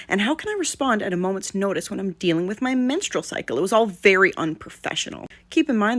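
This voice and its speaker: A woman's voice: fairly low pitch, no echo. A woman telling a personal story to camera in a blunt, exasperated way, swearing freely.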